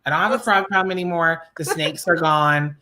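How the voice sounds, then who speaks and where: Woman co-host, bright tone, animated storyteller, casual and profane. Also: deep voice, fairly quick. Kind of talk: casual chat.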